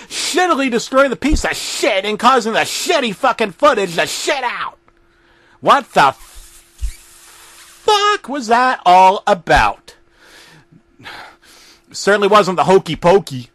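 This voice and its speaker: A man's voice: sits high, a bit bright, no room sound. A man narrating a comedic horror story in a crude, profane storytelling manner.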